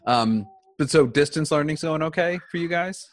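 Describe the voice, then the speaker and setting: A man hosting a podcast, chatting casually, animated and full of restarts. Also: fairly high pitch, normal speed, crowd noise. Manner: animated, chatty, many restarts, laughs often. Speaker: podcast host. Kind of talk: casual chat. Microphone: podcast microphone.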